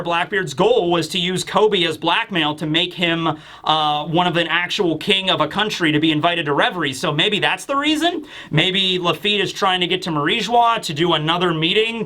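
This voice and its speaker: A man rambles through a comic chapter review in a bright, high voice. He speculates loosely with lots of fillers and slips into character voices. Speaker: manga reviewer.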